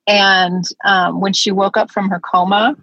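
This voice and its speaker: A woman's voice: medium pitch, flat delivery, unhurried, pushed and bright, dry recording, dull audio. A woman co-hosting a podcast, telling a story in a rambling, giggly way with lots of fillers. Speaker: podcast co-host. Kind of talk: casual chat, storytelling.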